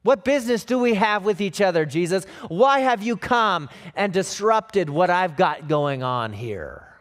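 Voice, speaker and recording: A cornered male demon pleads in urgent, hurried bursts, its voice sitting somewhat high, as a preacher reads its lines aloud. The tone is desperate and pressing, as if trying to bargain its way out. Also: lively intonation. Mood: pleading.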